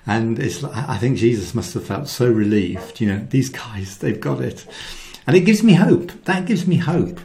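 Guy with a gravelly voice doing a devotional talk, acts out the quotes, goes soft and hushed on big lines. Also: mid-range voice, normal speed, hardly any pauses. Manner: animated storytelling, acts out quotes. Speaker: Christian speaker.

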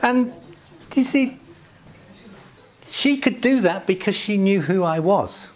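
A man's voice: sits high, expressive, slow. A middle-aged man preaching a conversational sermon, chatty and jovial, often chuckling and filling his talk with asides. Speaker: pastor.

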